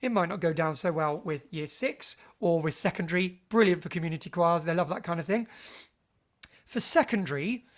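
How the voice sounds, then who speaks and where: A man's voice: a little high, brisk. A man leading a vocal health workshop for teachers, chatty and playful with theatrical asides.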